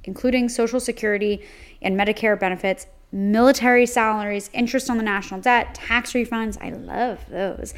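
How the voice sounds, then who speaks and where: A young woman co-hosting a casual news podcast, chatty, adding jokey asides between the facts. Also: medium pitch. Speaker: podcast co-host.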